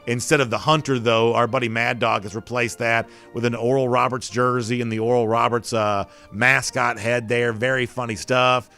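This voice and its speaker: A man's voice: mid-range voice, little pitch movement, moderate pace, few pauses, sharp tone, faint music behind. A man hosting a casual sports talk show, chatting loosely with plenty of "you know" fillers and reading out viewer comments.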